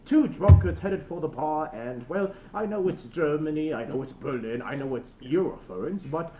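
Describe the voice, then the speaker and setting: A man's voice: a little high, lively intonation, normal speed, warm tone. A man from China chatting as a co-host, stumbling over repeated words with playfully formal phrasing. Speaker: co-host, guest. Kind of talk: casual chat. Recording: roomy echo, faint noise.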